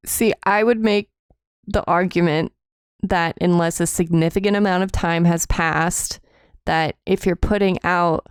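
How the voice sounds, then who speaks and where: A woman with a smooth, lowish voice co-hosts a podcast, chatting casually with a wry edge. The sound is close and dry. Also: dry recording. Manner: wry, quick quips. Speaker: podcast co-host. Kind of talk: casual chat.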